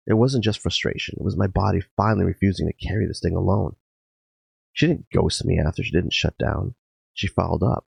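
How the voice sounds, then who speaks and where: A man with a low, gravelly voice narrates a personal story in a dramatic first person, swinging between hushed passages and sharp outbursts. His tone has a husky edge, and the sound is dry and close. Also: no echo. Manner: intense, emotional, swinging between quiet and sudden loud outbursts. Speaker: podcast host. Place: garage.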